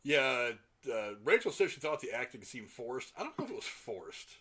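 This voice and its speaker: A man's voice: medium pitch, big pitch swings, moderate pace, pushed and bright, slightly rough. A man co-hosting a podcast, reading out listener comments and answering them in casual movie review chat. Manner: reads listener comments aloud and responds. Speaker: podcast co-host.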